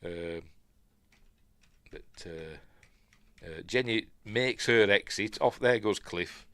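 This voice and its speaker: A man's voice: lowish voice, drawn-out words, a bit bright, no room sound. A middle-aged man with a Yorkshire accent, chatting his way through a film in a loose, rambling commentary full of ums and uhs, now and then mimicking the characters. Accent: Yorkshire English. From Yorkshire, England. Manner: mimics quoted characters playfully. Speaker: film review host. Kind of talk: casual film watch-along commentary.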